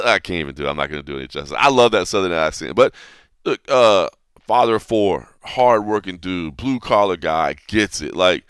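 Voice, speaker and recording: A man's voice: on the low side, fairly quick, clear, resonant tone, no echo, studio quality. A man hosting a podcast, talking in a loose, rambling way and correcting himself as he goes. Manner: rambling, animated, corrects himself mid-sentence. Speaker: podcast host. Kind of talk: casual podcast commentary.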